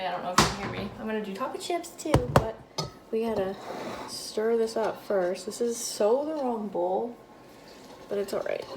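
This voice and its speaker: A woman in her twenties with a Massachusetts accent, chatting excitedly to camera as a vlogger, full of "like" and exclamations. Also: fairly high pitch, background noise. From Massachusetts, USA. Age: 20s. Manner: excitable, heavy use of "like", exclamatory. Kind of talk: casual chat to camera. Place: at home, later in her kitchen.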